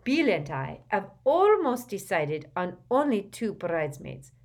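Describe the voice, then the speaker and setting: A woman's voice: mid-range voice, very animated, unhurried, pitched above the performer's own voice. A woman voicing a chatty, self-assured young woman with a French lilt, gushing as she talks.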